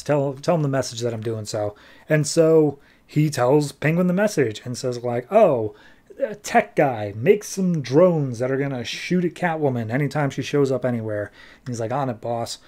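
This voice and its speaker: A man hosting a podcast, casually recapping a comic book issue in an offhand, quick way and briefly acting out the characters' lines. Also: medium pitch, warm tone. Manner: quick, offhand retelling, dropping into brief quoted voices. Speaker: podcast host.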